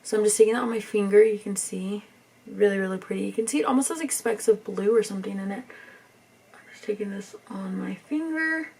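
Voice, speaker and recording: A young woman, talking softly through a makeup tutorial in a rambling, near-whispered way. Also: mid-range voice, gravelly, husky, far from the mic. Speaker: beauty vlogger.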